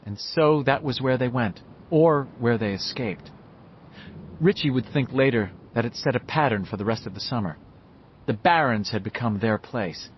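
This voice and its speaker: A man narrating an audiobook with expressive storytelling. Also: medium pitch, normal speed, a little hiss or hum. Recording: slightly muffled, dull audio.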